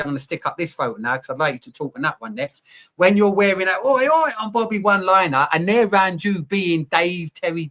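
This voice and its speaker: A man telling his story in a candid conversation, open and animated, full of slang and the odd swear. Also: a little high. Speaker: podcast guest, coach.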